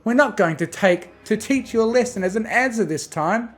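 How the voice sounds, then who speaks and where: A man's voice: high-pitched, lively intonation, moderate pace, pitched above the performer's own voice. Spike, a man voicing a blunt young dragon. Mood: exasperated.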